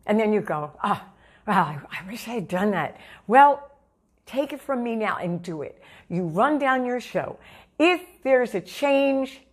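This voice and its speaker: A seasoned woman vocal coach giving emphatic, repetitive stage-performance advice straight to the viewer. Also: on the high side. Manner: emphatic, repeats key points, calls the listener honey. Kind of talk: direct-to-camera vocal coaching talk.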